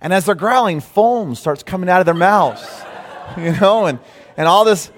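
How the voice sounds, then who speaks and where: A man preaching a sermon, telling a story with lively shifts in volume and pace. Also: high voice, normal speed, slight background noise. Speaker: pastor. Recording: reverberant hall.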